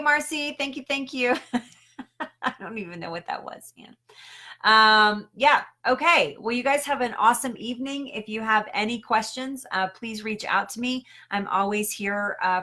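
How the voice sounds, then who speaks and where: A woman's voice: mid-range voice, sharp tone. A woman health coach chatting casually on a live stream, answering questions with lots of ums and restarts and frequent laughs.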